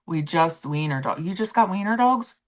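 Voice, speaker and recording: A woman's voice: lowish voice, animated, moderate pace. A middle-aged woman hosting a casual livestream, chatting in a rambling way and answering viewers' comments. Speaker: livestream host.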